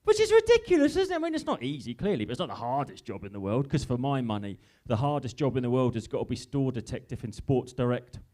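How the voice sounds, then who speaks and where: Lively English man doing stand-up. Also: mid-range voice. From Norfolk, England. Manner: chatty, teasing crowd work with quick asides. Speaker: stand-up comedian. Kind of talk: live stand-up comedy set. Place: live show in an industrial unit.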